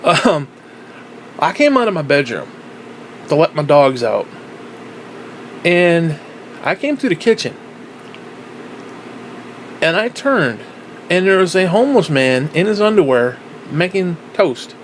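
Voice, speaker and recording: A man's voice: on the high side, big pitch swings, slow, long pauses, a little hiss or hum, rough recording. A man rambling through a casual vlog monologue, swearing freely and circling back with lots of fillers and restarts. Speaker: vlogger.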